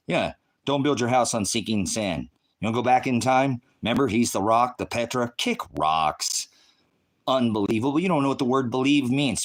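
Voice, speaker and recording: Running a live stream for his ministry, an American man lashes out at the chat in a combative, foul-mouthed tirade, his volume jumping from quiet mumbles to shouting.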